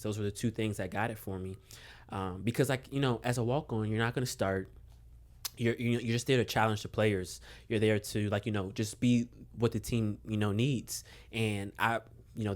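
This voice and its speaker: A young man from Maryland, a guest on a podcast, telling a relaxed story with lots of fillers and chuckles. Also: lowish voice. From Maryland, USA. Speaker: podcast guest, basketball coach. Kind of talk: casual storytelling interview.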